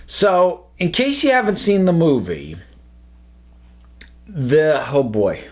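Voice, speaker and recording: A man hosting his own film video, talking in casual commentary that is expressive and halting, with many restarts. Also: fairly high pitch. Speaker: YouTube host reviewing films.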